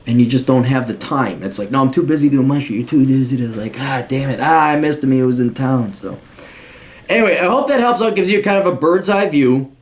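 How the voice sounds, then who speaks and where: Blunt, profane man in a casual monologue. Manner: blunt and profane, acts out quotes in high mocking voices. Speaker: podcast host answering a listener request.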